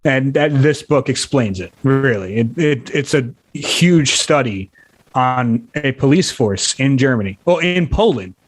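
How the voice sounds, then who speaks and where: A man's voice: mid-range voice, lively intonation, unhurried, no echo. A man co-hosting a podcast, talking casually with hesitant fillers and restarts. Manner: hesitant, recommending a book. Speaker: podcast co-host.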